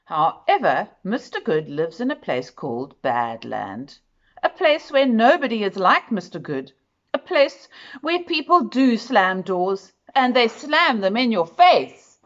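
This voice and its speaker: A woman reading a children's picture book aloud, expressive and speaking directly to the listener. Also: mid-range voice, unhurried, muffled recording. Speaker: storyteller.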